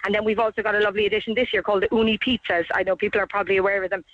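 Fast upbeat woman on a phone line. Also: mid-range voice, flat delivery, no echo. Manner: upbeat, quick sales talk. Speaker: garden centre worker, radio guest. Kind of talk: phone interview on a radio show. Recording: dull phone-line audio.

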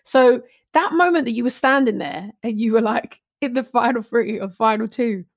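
A woman's voice: fairly high pitch, moderate pace. Enthusiastic woman podcast host. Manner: enthusiastic, laughs readily. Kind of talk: interview chat.

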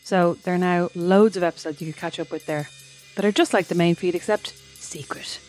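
A woman's voice: fairly low pitch, steady tone, a little fast, a little mellow, faint music behind. A woman in her thirties co-hosting a podcast, talkative and wry with self-deprecating humour. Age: 30s. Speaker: podcast co-host. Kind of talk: casual chat.

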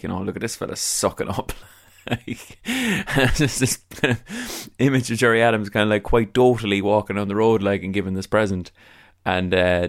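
Chatty, swearing Irish podcast host. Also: male voice, deep voice. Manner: chatty, self-deprecating, swears freely. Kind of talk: casual podcast intro and interview.

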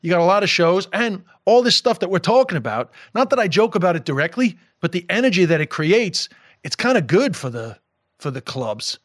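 A man's voice: high voice, fairly quick, dry recording, clean studio sound. A middle-aged man with a mixed New York and Irish accent, a comedian chatting on a podcast, swearing freely and laughing as he tells stories. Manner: animated storyteller, swears freely, laughs while talking. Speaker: comedian guest. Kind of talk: casual podcast chat.

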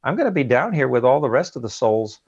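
A man as an interview guest, recounting an ordeal in an earnest, halting way and often repeating words, heard over a dull remote line. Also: mid-range voice, big pitch swings, a little mellow, husky, no room sound. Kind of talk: emotional interview account.

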